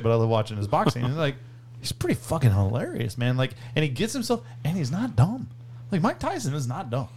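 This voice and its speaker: A man's voice: fairly high pitch, fairly quick, a little hiss or hum. A man co-hosting a podcast, trading crude, casual banter, swearing freely and laughing often. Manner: profane, animated, laughs often. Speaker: podcast co-host.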